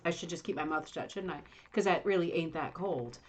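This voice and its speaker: A woman's voice: deep voice, fairly quick. Chatty rambling woman hosting a livestream. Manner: chatty, rambling, self-deprecating. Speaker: livestream host. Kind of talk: casual livestream chat. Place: home, Indiana.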